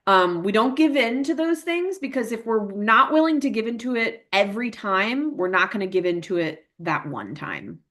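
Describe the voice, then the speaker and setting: A woman's voice: fairly high pitch, very animated, normal speed, few pauses, fairly bright tone. A woman presenting a parent workshop in a casual, chatty way, full of fillers and tag questions, who acts out emotions in her examples.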